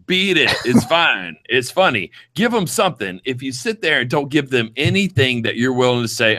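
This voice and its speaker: A man's voice: medium pitch, sing-song, moderate pace, hardly any pauses, pushed and bright. A man with a Georgia accent hosting a casual panel chat, blunt and profane, with frequent ums. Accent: Georgia, US South. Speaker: podcast host.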